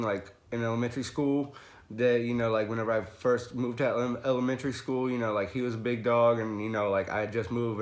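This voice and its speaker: A young man telling a long story on a casual livestream. He rambles, swears a lot and fills every pause with "you know," laughing and raising his voice as he relives a fight. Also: fairly low pitch. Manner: rambling, profane, full of fillers like "you know"; laughs often and gets loud when reliving a fight. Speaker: livestream host.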